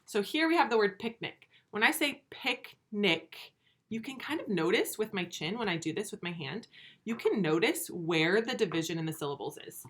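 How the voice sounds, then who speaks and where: A woman teaching first graders in a recorded video lesson, speaking slowly and clearly, stretching words out and asking patient, encouraging questions. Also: mid-range voice, animated. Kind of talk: remote video lesson for young children.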